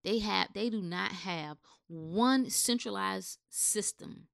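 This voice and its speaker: A woman's voice: mid-range voice, takes it slowly, vocal fry, clean tone. A woman giving a blunt, impassioned, unscripted rant with swearing, speaking straight to her listeners.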